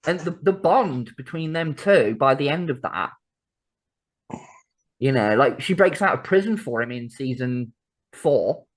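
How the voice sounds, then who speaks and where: A woman's voice: rumbling low, lively intonation, a little slow. A woman co-hosting a podcast, chatty and sweary in casual talk. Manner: chatty and sweary, laughs often. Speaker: podcast co-host. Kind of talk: casual chat.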